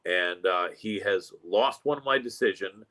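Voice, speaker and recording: A man's voice: sits low, measured pace, pushed and bright, poor audio. A man hosting a sports podcast, chatty and jokey as he runs through upcoming fights. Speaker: podcast host. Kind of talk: casual MMA podcast chat.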